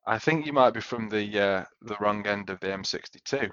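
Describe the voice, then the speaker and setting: A man hosting an interview, friendly and gently teasing his guest. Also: lowish voice, fairly quick. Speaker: podcast host. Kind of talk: casual interview chat. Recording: dull lo-fi audio.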